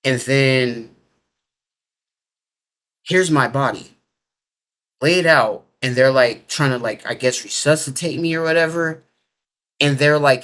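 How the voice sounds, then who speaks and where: An interviewee recounts a near-death experience, speaking slowly with long pauses in a medium-pitched, slightly bright voice. His talk is casual and rambling, packed with fillers, restarts, and everyday slang grammar.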